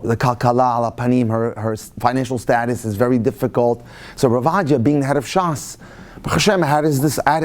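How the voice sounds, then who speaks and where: A man giving a Torah lecture, telling stories and weaving Hebrew phrases into his English. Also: mid-range voice. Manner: animated storyteller mixing Hebrew phrases into English. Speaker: rabbi lecturer.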